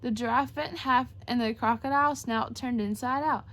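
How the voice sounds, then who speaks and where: A woman reading a children's rhyming picture book aloud, expressive and rhythmic. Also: fairly high pitch, a little fast. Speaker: storybook reader, show host.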